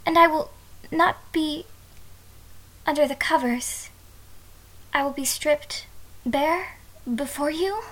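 A woman's voice: sits high, fairly bright tone, poor audio. A woman playing a shy, nervous young bride. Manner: hesitant, halting, drops to whispers. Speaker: role-play performer. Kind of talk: audio role-play.

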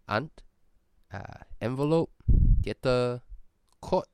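A man talks in a put-on Singaporean English accent, his voice gravelly with fry. He runs through prompts in casual, playful chat with plenty of swearing and joking asides, his pitch jumping around animatedly. The sound is close and dry. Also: expressive, takes it slowly, pauses often, darkish tone, dry recording. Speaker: vlogger doing an accent tag.

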